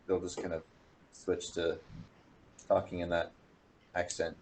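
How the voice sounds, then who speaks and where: A Californian man talks in a loose, easygoing way, pausing often on "um". His voice is very deep, with a dark, mellow tone. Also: level tone. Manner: easygoing, hesitant ums. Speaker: language exchange partner. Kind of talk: casual online conversation.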